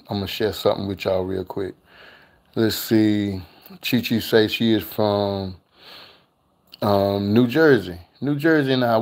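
An older man hosting a casual live cooking stream, chatting with viewers and reading their comments aloud in a laid-back, slangy way. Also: lowish voice. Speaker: cooking channel host.

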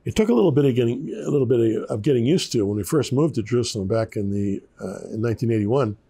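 An older man, a pastor, teaching the Bible in a relaxed, conversational way with chatty asides. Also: mid-range voice, quick pace, gravelly, slightly rough.

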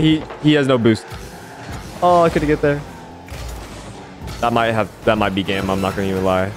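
Excitable young man commentating gameplay. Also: moderate pace, pauses often. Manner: excitable, swears, self-mocking, voice leaps up high when hyped. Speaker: gaming YouTuber. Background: background beat music.

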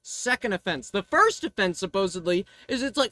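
Woman, livestreamer, casual profane ranting, very animated pitch, dry recording. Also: moderate pace, few pauses, dry recording.

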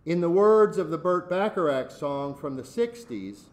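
Slow, measured male preacher. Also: on the high side, animated, darkish tone, slight background noise. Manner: slow, deliberate, measured pauses. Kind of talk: sermon.

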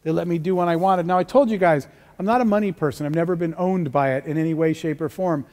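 A middle-aged man giving an energetic motivational talk as a keynote speaker, telling stories and acting out the dialogue. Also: fairly high pitch, quick pace. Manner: energetic storytelling, acts out dialogue, rising emphasis. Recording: long hall reverb.

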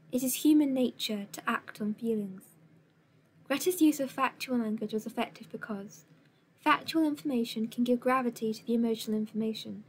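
A woman teaching a recorded lesson, her voice sitting a little high. She gives instructions in a clear, measured way. A faint hiss lies under the recording. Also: a little mellow.

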